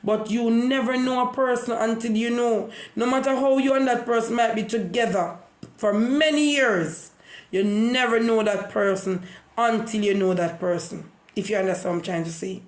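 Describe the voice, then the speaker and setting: A woman's voice: on the high side, normal speed. Preachy Jamaican woman in a roomy space. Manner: repetitive, preachy storytelling. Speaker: vlogger. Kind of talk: casual monologue.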